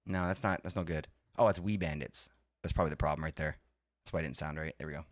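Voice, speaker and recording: A man's voice: extremely low pitch, fairly even intonation, very fast, dry recording. A man hosting a live stream, chatting casually and rambling between talking to his chat and fiddling with his setup. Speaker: livestream host.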